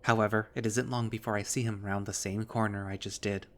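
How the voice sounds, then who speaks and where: Low-voiced man narrating a story. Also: level tone, fairly quick, a bit bright, a little hiss or hum. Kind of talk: first-person visual novel reading.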